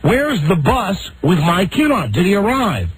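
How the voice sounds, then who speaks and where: Animated man telling an exasperated story. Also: high voice, unhurried, breathy edge, no room sound, low-quality recording. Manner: exasperated, acts out quoted people in the story. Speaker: radio show host. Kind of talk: animated storytelling on talk radio.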